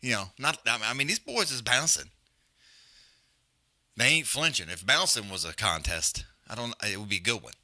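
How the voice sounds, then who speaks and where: A man hosting a live stream with a very bright, forceful voice that swings all over in pitch. He talks loud and profane, trash-talking his co-hosts and calling the fight in loose casual slang. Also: lively intonation, moderate pace. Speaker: livestream host.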